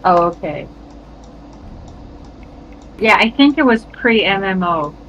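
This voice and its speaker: A woman's voice: mid-range voice, animated, slow pace, a bit bright, slight background noise, low-quality recording. A middle-aged woman chatting casually with friends while playing a game, often stopping and restarting her sentences. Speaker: streamer. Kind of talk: casual chat while gaming.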